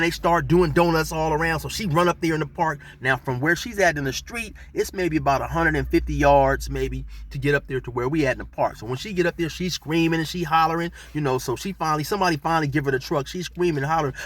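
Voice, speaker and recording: A man's voice: on the high side, a bit bright. A middle-aged man telling a street story in laid-back slang, rambling with fillers as he goes. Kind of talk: casual storytelling.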